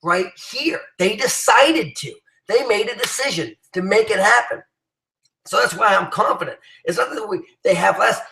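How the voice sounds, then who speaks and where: A man's voice: high voice, expressive, moderate pace, vocal fry, bright, forceful tone, reverberant, poor audio. A man giving an emphatic motivational talk to his team, rallying them with many restarts and fillers. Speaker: business leader addressing his team.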